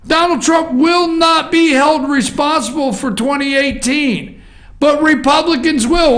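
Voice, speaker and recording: A man with a notably high voice delivers a fired-up political opinion monologue as a talk show host. He hammers his points with emphatic, repeated refrains. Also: measured pace, fairly bright tone.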